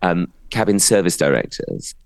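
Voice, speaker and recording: A chatty man with a fairly low voice that swings up and down a lot as he tells stories. He co-hosts a relaxed podcast chat. The sound is close and dry. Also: normal speed, vocal fry, no room sound. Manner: chatty, animated storytelling with quoted voices. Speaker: podcast co-host, comedian. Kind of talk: casual chat.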